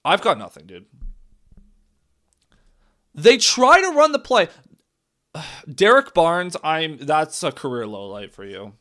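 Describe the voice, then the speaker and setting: A man's voice: a little high, expressive, measured pace. A man doing live reaction commentary on a football game, calling plays and reacting with exasperation. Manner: exasperated, frequently shouts and laughs in disbelief.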